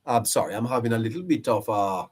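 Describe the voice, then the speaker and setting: A man's voice: medium pitch, animated, fast, darkish tone, husky. A man hosting a live-stream political commentary, emphatic and preachy, repeating his phrases for effect. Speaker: live-stream show host.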